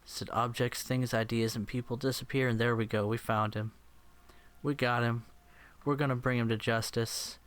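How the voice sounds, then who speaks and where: A man's voice: medium pitch, fairly even intonation, normal speed. Brief: man riffing through a combat flight game, silly rambling delivery, clean resonant tone. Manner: silly, rambling, breaks into mock voices and sung lines. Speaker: gameplay commentator. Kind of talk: goofy gameplay commentary.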